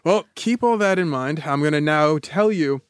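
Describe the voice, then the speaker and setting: A podcast host, a man, spins a story in a loose, jokey way, packing in fillers and asides. His voice sits a bit higher than most men's. The sound is dry and close, with no room around it. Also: moderate pace, smooth, dry recording. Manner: animated, joking, filler-heavy. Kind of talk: casual storytelling chat.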